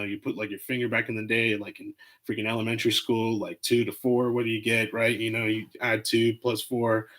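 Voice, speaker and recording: A man hosting his own podcast, rambling in a loose, excitable, heavily profane way. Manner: rambling, profane, excitable, fillers like "boom" and "freaking". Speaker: podcast host. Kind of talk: casual solo podcast rant.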